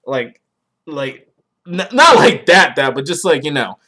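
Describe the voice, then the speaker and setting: A young man hosting a podcast, rambling casually and swearing a lot, with his voice jumping up when he gets excited. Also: unhurried. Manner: rambling, profane, excitable, pitch jumps when worked up. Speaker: podcast host. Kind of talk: casual solo chat about anime.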